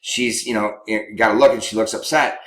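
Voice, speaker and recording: A man's voice: fairly low pitch, fairly even intonation, moderate pace, fairly bright tone. A man who works as a counselor, teaching in a conversational way and often checking in with his listeners. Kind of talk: teaching talk on couples communication. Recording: roomy echo.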